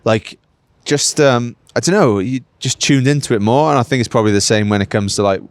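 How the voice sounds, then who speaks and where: A man's voice: medium pitch, fairly quick, no echo. A Welsh man in his late thirties, a professional cyclist chatting casually in an interview, rambling with lots of "like" and "mate". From Wales. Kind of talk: casual post-race interview.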